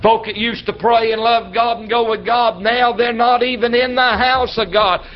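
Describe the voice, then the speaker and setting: Male traveling preacher, very high voice, folksy storytelling sermon with shouted peaks, slightly muffled recording. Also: fairly even intonation, moderate pace. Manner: folksy preacher, acts out dialogue, breaks into shouts. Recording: slightly dull lo-fi church recording.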